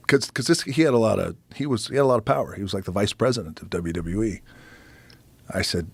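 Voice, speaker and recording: A man as a podcast guest, telling a profane, animated story in casual conversation and acting out other people's lines. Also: fairly low pitch, quick pace, breathy edge, dry recording.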